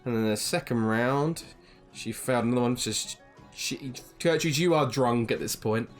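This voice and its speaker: A man's voice: mid-range voice, normal speed, faint music behind. A man running a tabletop game as game master, narrating casually with lots of ums. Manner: casual, rambling with many ums.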